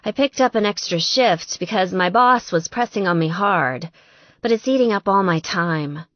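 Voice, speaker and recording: A woman's voice: medium pitch, normal speed, no echo, muffled recording, lightly acted. A woman narrator voicing a busy young woman with a light, cheerful voice, kind but apologetic.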